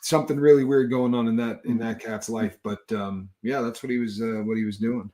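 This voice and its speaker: A man's voice: mid-range voice, steady tone, brisk, mellow. A man hosting a live talk show, chatting casually and rambling with many fillers and restarts. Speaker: podcast host.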